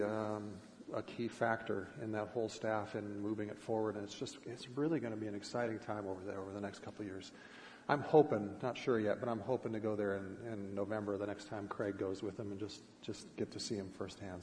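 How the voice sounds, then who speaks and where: A man with a lowish voice interviews a guest in an affirming way, then leads a prayer. He is a pastor in a church setting. His voice rings with a long hall reverb, and faint noise sits underneath. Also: a little mellow.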